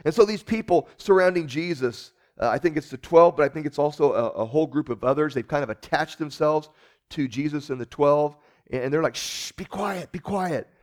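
A man's voice: fairly high pitch, fairly quick, darkish tone. A man giving a conversational sermon as pastor, earnest, often repeating words and checking in with listeners.

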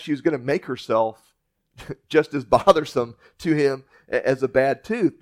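A man preaching a sermon with a slightly high voice. He tells the story in a folksy, plainspoken way, often restarting phrases as he goes. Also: a little mellow. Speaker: pastor.

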